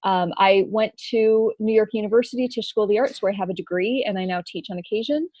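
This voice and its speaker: A woman's voice: mid-range voice, fast, no echo, dull audio. Chatty woman from Los Angeles. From Los Angeles, California. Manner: animated, chatty storyteller. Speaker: guest, performer and writer. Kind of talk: podcast interview.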